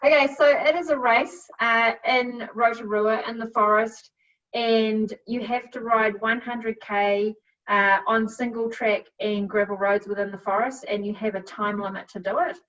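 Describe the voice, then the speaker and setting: A chatty middle-aged woman with a New Zealand accent tells her story at a fairly high pitch. She sits a little back from the mic, and the recording sounds muffled and dull. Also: fairly even intonation, a little slow, a bit bright. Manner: chatty, laughs often, many fillers. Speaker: guest, cycle coach. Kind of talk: casual storytelling. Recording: dull, a bit distant from mic.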